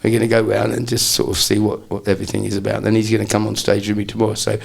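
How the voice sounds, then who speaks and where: Older male comedian guest, gravelly and a touch low, loose anecdotal chat. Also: monotone, racing. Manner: rambling anecdotal storyteller, slips into impressions. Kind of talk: casual interview chat.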